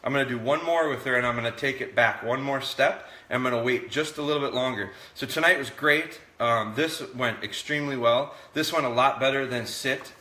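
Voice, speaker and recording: Man, dog trainer, bright voice, relaxed explaining, live session, roomy echo. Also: mid-range voice, fairly quick, few pauses. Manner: relaxed, talks to viewers while training. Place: indoors.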